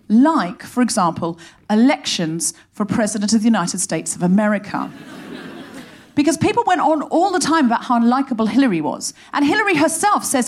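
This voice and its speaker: Sardonic woman doing live stand-up. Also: fairly high pitch. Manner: animated, sardonic, rapid comic storytelling. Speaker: comedy podcast host. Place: live theatre stage before an audience.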